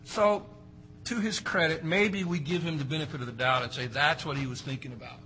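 A male pastor preaching a sermon, swinging between loud emphatic phrases and quiet asides. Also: on the high side, a little fast, a little hiss or hum, rough recording.

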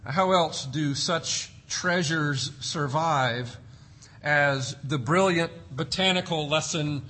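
A man preaching a sermon, swinging between loud emphasis and hushed, quiet drops. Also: on the high side, slow. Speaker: pastor.

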